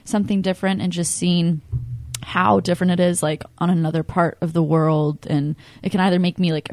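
A woman's voice: on the low side, a little mellow, no echo. A young woman from California talks in a loose, rambling way, peppering every thought with "like". The sound is dry and close, with no room around her. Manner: rambling, heavy use of "like". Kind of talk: casual chat.

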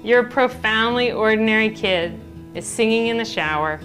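A woman's voice: a little high, moderate pace. Earnest woman narrating over guitar. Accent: Philadelphia. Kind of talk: reflective scripted narration.

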